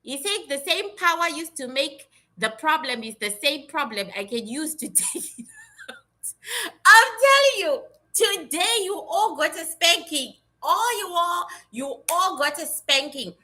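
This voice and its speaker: A woman medium talks through her readings in a casual, blunt, animated way. Her voice sits very high and sounds piercingly bright. She speaks slowly and takes her time. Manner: animated storyteller with blunt, salty talk. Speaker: psychic medium giving readings. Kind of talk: casual livestream chat.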